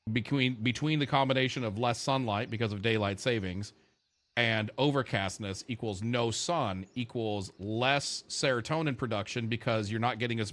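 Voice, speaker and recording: A man streaming and chatting casually with his viewers, rambling and swearing freely. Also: mid-range voice. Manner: profane, rambling, animated. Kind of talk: casual livestream chat while gaming.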